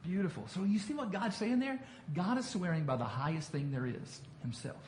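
A man's voice: high voice, lively intonation, fairly quick, darkish tone. A man leading a Bible study as pastor, talking conversationally, repeating himself and asking the group questions. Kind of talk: interactive Bible teaching. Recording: echoey room with faint noise.

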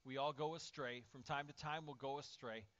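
A male pastor preaching a lively sermon, swinging from loud, acted-out outbursts to near-whispers. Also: medium pitch, moderate pace. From Indiana, USA. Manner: animated, acts out voices and swings from shouting to near-whisper. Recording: dull lo-fi sermon audio.

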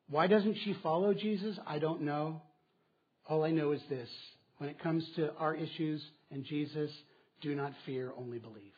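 A man's voice: a little high, husky, dull audio. A man preaching a sermon as pastor, asking questions aloud and repeating key phrases for emphasis.

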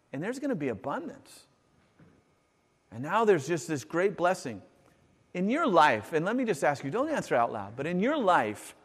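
Man preaching in a reverberant church hall. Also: a little high. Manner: animated preaching, reading scripture aloud. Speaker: pastor. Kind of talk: sermon.

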